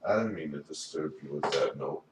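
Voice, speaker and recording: A man's voice: a bass voice, animated, brisk. A man talking in a rambling, profane solo monologue, often filling with "you know". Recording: echoey room, voice far from mic, faint background noise.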